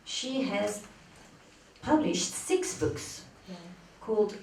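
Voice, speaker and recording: A woman host introducing the next reader at a bookshop poetry night, in a relaxed, chatty way. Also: medium pitch, extremely slow, creaky, a little hiss or hum. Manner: relaxed, chatty, laughs easily. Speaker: event host. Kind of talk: introducing a speaker. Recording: roomy, from far off the mic.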